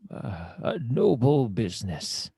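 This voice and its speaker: A man voicing a courteous adventurer, with slow, drawn-out, formal speech. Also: medium pitch, big pitch swings, creaky, dark tone, husky, no room sound, studio quality, heavily acted.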